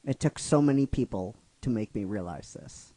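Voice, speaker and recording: A man's voice: fairly low pitch, lively intonation, normal speed, dark tone, no echo, voice pushed down, poor audio. Ash, a man reading an earnest young trainer. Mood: reflective.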